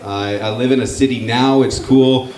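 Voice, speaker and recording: Speaking at medium pitch and a normal speed with fairly even intonation, a young man from Northern Ontario, Canada, works the crowd during a stand-up set. He swears freely and pokes fun at himself in a relaxed way. It's recorded live in a comedy club, with room echo and crowd noise.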